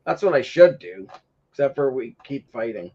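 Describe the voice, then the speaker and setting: A man's voice: mid-range voice, big pitch swings, moderate pace, a little mellow. A man hosting a casual chat show, telling rambling stories and breaking into laughter often. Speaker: podcast host. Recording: dull lo-fi livestream audio.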